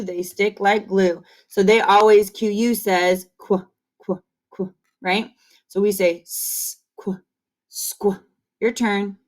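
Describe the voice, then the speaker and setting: A woman teaching kindergarten phonics on video, drilling sounds slowly and cheering the children on. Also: medium pitch. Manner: slow, encouraging call-and-repeat drilling. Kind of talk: online phonics lesson. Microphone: camera facing the speaker.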